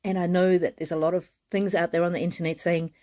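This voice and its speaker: A woman giving a live oracle card reading, speaking earnestly and reassuringly, with soft laughs now and then. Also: lowish voice, flat delivery, fast talker.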